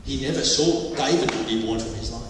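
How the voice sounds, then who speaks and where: Preacher in an echoey hall. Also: male voice, mid-range voice, brisk, background noise. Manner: anecdotal, jokey, with bursts of mimicry. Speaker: pastor. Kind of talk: sermon. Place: church hall. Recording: echoey hall, mic from far off.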